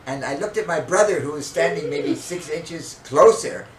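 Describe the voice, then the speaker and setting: An older man and podcast co-host, telling a story in casual chat with an animated, dramatic manner. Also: a little high, normal speed. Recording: echoey room, distant mic, faint noise.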